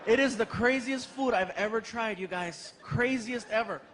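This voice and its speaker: Animated high-voiced male stand-up comic. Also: moderate pace, noisy background. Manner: animated, laughing, acting out voices. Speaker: stand-up comedian. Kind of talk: stand-up comedy storytelling. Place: live comedy venue with audience.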